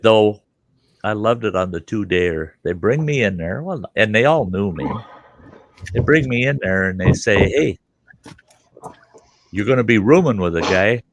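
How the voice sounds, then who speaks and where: Gravelly, lively storyteller man. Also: low-pitched. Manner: rambling, profane, amused storyteller. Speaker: host telling a story. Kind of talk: casual storytelling chat.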